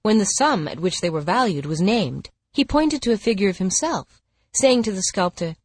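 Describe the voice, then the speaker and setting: Husky female fable narrator, lively delivery, dry recording. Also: medium pitch, moderate pace, no room sound. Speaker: fable reader. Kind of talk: storybook narration.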